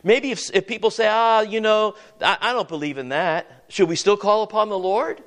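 A man's voice: high-pitched, normal speed, fairly bright tone. A man preaching a sermon as pastor, asking the congregation questions and often repeating words as he goes.

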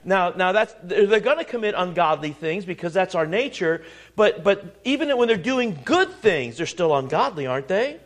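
A man's voice: high voice, lively intonation, normal speed. A man preaching a sermon, reading scripture aloud and pressing his points with repeated words and questions to the congregation.

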